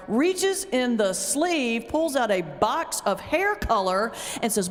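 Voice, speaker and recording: A woman pastor giving a humorous talk, telling stories in an animated way with sudden jumps in pitch. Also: moderate pace, hardly any pauses. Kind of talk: humorous lecture storytelling. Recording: long reverb of a large hall.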